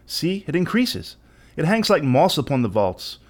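A cold, scheming nobleman, played by a man in a dramatic reading. He speaks with measured, false concern. His lines rise and fall with a wide, expressive pitch. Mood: solicitous. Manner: smooth, falsely solicitous, measured.

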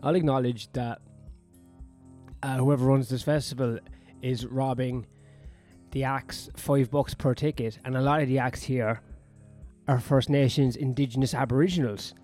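A man's voice: mid-range voice, steady tone, moderate pace, a little mellow, soft background music. A man ranting in a sweary, sardonic, rambling monologue as a comedian vlogging on his own.

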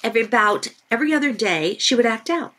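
A woman author who is a guest on a parenting podcast, telling lively stories and repeating points for emphasis. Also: fairly high pitch, quick pace. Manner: animated storytelling with emphatic repetition. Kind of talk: podcast interview.

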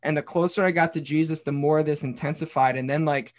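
A man's voice: on the high side, steady tone, brisk. A man, a former pastor turned bartender, earnestly telling a personal story in a casual podcast conversation, swearing now and then and saying "dude" and "like". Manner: earnest storytelling, reading aloud his own journal.

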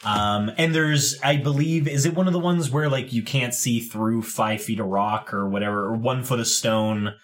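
Rambling male game master, mid-pitched. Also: moderate pace, few pauses. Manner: rambling, thinks aloud with many fillers. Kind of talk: narrating a tabletop game.

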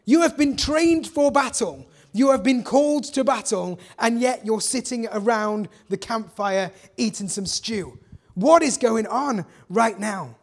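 A man voicing a young, cocky shepherd boy who is brash and exasperated. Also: measured pace. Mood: indignant. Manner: brash, exasperated, higher and louder.

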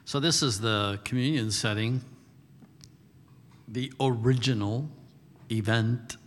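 A male pastor delivers a sermon in a relaxed, conversational way, moving between scripture reading and casual asides. His voice sits in a middle register. The sound carries a long reverb from a large hall. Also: medium pitch, slow pace.

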